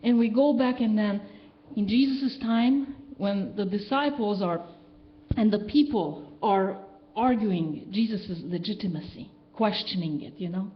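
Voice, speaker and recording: A woman's voice: mid-range voice, a little slow. A woman minister giving a sermon in a conversational way, often asking the congregation questions. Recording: dull, lo-fi live-stream recording with faint background noise.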